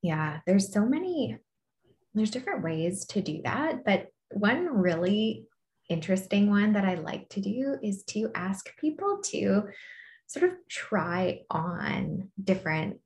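A woman guest explaining her coaching practice in a casual interview, thoughtful and soft-spoken, posing rhetorical questions. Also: medium pitch, big pitch swings, takes it slowly, a little hiss or hum.

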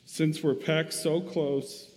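Gentle faithful older sister, man reading it, slow, reverby hall. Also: a little high, level tone, pitched above the performer's own voice. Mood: earnest. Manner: reading quoted lines aloud, earnest. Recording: long reverb.

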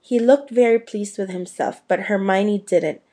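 A woman narrates a storybook in a steady, unhurried way. Her voice is mellow and warm, sitting at a middling pitch for a woman. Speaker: audiobook reader.

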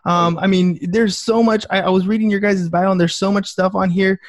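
Halting higher-voiced podcast host. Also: male voice, steady tone, no echo, clean studio sound. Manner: halting, many fillers and self-corrections. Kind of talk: casual podcast hosting.

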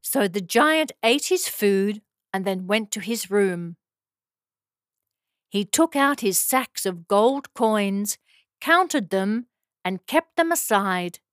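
A woman narrating a fairy tale for children in slow, simple, clear phrasing. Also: mid-range voice, no room sound, studio quality. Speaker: storyteller.

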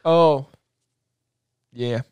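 A young man co-hosting a podcast, excitable and joking, rambling in casual chat. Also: medium pitch, very slow, clean tone, dry recording, dull audio. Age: young adult. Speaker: podcast co-host.

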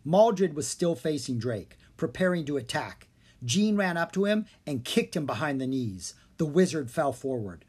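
A narrator reading a children's fantasy book aloud with steady storytelling. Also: mid-range voice, normal speed, husky. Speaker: audiobook narrator.

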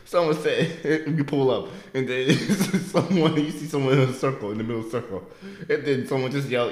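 A man's voice: medium pitch, moderate pace, hardly any pauses, reverberant. A man co-hosting a podcast, talking in casual, profane slang and laughing a lot as he tells jokes. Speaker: podcast co-host. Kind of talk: casual chat.

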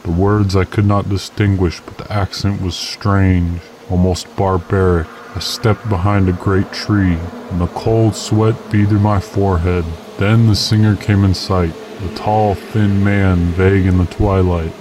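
A man narrating an old adventure story in the first person, measured and steady. His voice is very low. A faint chirp of insects carries behind him. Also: background noise. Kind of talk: storytelling reading of an old tale.

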